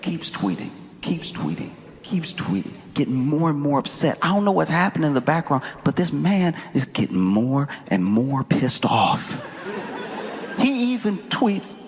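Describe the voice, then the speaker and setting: A man doing a stand-up comedy set, animated, acting out quotes and shouting punchlines. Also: fairly high pitch, measured pace. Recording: echoey hall with room noise.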